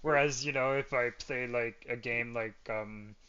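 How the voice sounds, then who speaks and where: A man's voice: medium pitch, fairly even intonation, measured pace, pushed and bright, muffled recording, a little hiss or hum. A man hosting a podcast in casual chat, rambling and often ending his points with "right?". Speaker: podcast host.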